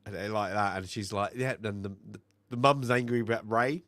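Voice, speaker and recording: A man co-hosting a film review podcast, recapping scenes in a rambling way with many fillers and quick bits of mimicry. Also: on the low side, fairly bright tone, no room sound. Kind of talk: casual chat.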